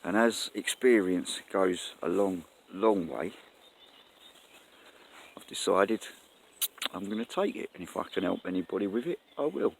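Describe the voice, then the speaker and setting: A man's voice: sits low, expressive, unhurried, gravelly, long pauses. A man talking casually and earnestly to camera outdoors in the countryside, rambling and correcting himself as he goes. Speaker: vlogger. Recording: faint outdoor noise, birds.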